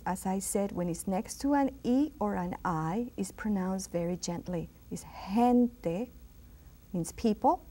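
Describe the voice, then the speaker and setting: Slow, patient Puerto Rican teacher woman. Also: a little high, dark tone. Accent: Puerto Rican Spanish. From Puerto Rico. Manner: slow, patient, repeats words for the viewer to echo. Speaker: language teacher. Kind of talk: educational TV lesson.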